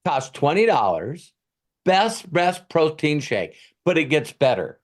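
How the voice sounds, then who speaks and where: Man doing a salesman, pushy, overeager, hyped, slightly high voice. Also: big pitch swings, slow pace. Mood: hyping.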